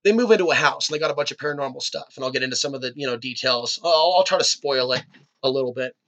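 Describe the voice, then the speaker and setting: A man's voice: mid-range voice, fast, sharp tone. A man hosting his own video, talking in a loose, rambling spiritual monologue that drifts from tangent to tangent. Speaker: video host. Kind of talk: free-flowing spiritual monologue.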